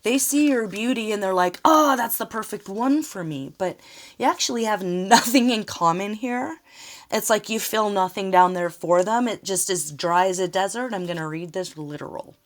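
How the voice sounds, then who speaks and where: A woman with a medium-pitched voice speaks at a moderate pace, giving a casual tarot reading. She rambles and gets emotional, laughing often as she goes.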